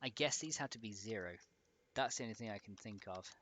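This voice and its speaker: A man's voice: on the low side, brisk, a bit bright. Man muttering through a modding stream. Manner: muttering to himself while troubleshooting, chatty with viewers. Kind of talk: casual livestream commentary while modding.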